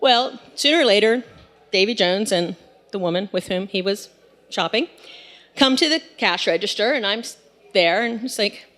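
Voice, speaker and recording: A woman in her forties telling a story live on stage, in a chatty, animated way with lots of fillers. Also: mid-range voice, moderate pace. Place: stage in a hall. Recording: long hall reverb.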